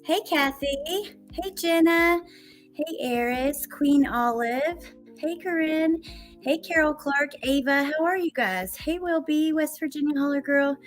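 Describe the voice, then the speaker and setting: A woman's voice: high-pitched, measured pace, faint music behind. A woman hosting a true crime livestream from home, chatting casually, greeting viewers by name and laughing easily. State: a little out of breath. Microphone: computer mic at desk.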